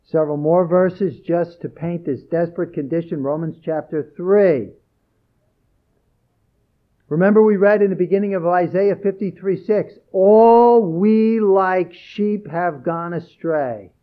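Male preacher, higher voice, emphatic scripture reading, muffled low-fi audio. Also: measured pace. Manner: earnest, emphatic, repeats key phrases. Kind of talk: sermon.

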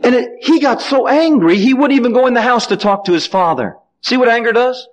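In a rough recording, a pastor preaches a sermon in an animated, brisk manner, putting questions to the congregation and letting them call back the answers. His pitch and pace swing suddenly.

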